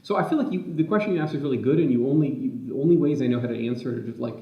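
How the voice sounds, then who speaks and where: A man's voice: mid-range voice, very fast. Rambling scholar man in a muffled echoey hall. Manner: thoughtful, meandering, self-correcting. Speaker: literary scholar, panelist. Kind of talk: academic discussion. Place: lecture room. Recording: distant, muffled, echoey room.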